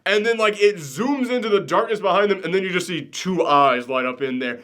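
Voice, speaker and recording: Guy co-hosting a review podcast, kinda high voice, rants hard and cusses a lot. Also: fairly quick. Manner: animated, ranting, swears, laughs often. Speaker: podcast co-host reviewing a TV show. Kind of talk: casual review chat.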